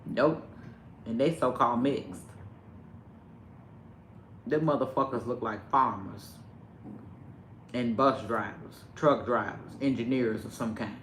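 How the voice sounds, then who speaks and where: A man vlogging in casual chat at home, animated and profane, with sudden loud outbursts. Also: mid-range voice, takes it slowly, long pauses, reverberant, slight background noise. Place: home indoors with pets.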